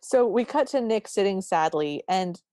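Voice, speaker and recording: A woman's voice: medium pitch, moderate pace, no echo. A woman co-hosting a podcast, recapping a film in casual chat and acting out the characters' lines. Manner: animated storytelling, acts out quoted lines. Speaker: podcast co-host.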